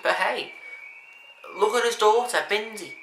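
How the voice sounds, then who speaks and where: A man speaks in a bright, forward voice, wandering through his thoughts and restarting sentences as he goes. He sounds earnest and unpolished. The recording is echoey, with a faint hiss underneath. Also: high voice, measured pace. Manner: rambling, earnest, many restarts and asides. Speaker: vlogger. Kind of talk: casual monologue to camera.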